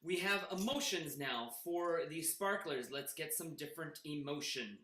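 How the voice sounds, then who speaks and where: Bright, echoey improv match host. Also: male voice, on the high side, expressive. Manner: brisk, announcing, rambling asides. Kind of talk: live improv match hosting.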